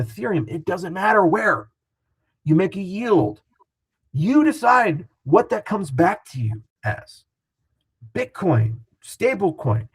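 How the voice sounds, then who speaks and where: A man with a gravelly, rough-edged voice and a breathy, husky tone. He talks as a guest in a casual interview, animated and excitable, dropping profanity freely. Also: high voice, rough recording.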